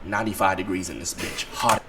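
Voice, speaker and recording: A man telling a wild personal story to his stream in casual, profane slang, swinging from low mutters to loud outbursts. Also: fairly even intonation, brisk, slight background noise.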